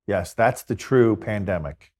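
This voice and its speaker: A man's voice: on the low side, unhurried, a little mellow. A man, a Catholic priest and exorcist, talking earnestly in an interview and telling stories with quoted dialogue. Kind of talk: conversational interview storytelling.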